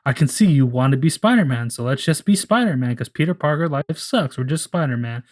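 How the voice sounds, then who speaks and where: A man's voice: medium pitch, lively intonation, fairly quick, lightly acted. A man voicing a coaxing alien symbiote. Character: eager male alien symbiote coaxing its host.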